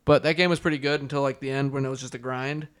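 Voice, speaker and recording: A young man rattles through a casual chat at a quick clip, his voice clean and clear. He rambles through long explanations, leaning on fillers as he goes. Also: mid-range voice, fairly even intonation, fairly bright tone.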